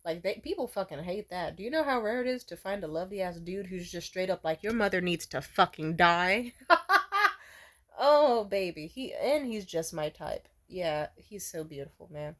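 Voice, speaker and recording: A woman's voice: fairly low pitch, lively intonation, normal speed, few pauses, darkish tone. A young woman vlogger telling a story in a rambling, casual way, full of fillers and restarts, laughing often and swearing bluntly.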